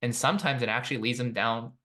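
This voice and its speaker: A man's voice: mid-range voice, fast talker, bright, forceful tone. A man hosting a podcast interview, reflecting earnestly and often tagging his points with "right?". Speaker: podcast host.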